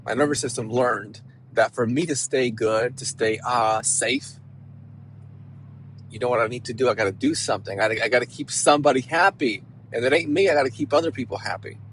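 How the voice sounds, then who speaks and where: A man, a counselor, giving an emphatic, animated motivational talk and often checking in with "right?". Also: mid-range voice, a little fast, slight background noise, poor audio.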